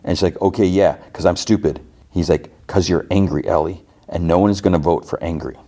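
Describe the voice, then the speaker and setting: Man, deep voice, podcast host, casual recap, loose quoted dialogue. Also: fairly even intonation, fairly quick, mellow. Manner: retells scenes with loose quoted dialogue and asides.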